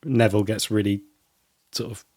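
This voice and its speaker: A man's voice: on the low side, flat delivery, normal speed, a little mellow, dry recording, studio quality. Hesitant man chatting on a podcast. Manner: rambling, hesitant with many ums. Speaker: podcast co-host. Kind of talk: casual chat.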